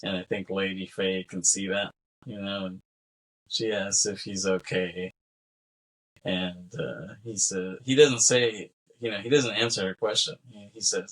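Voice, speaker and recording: A man with a low, slightly husky voice talks through a film's plot in casual podcast chat. He rambles from beat to beat, putting on the characters' lines as he goes and laughing along. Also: steady tone, a little slow, a bit bright, poor audio. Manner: rambling recap with acted-out quotes and laughs. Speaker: podcast co-host. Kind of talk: casual film discussion.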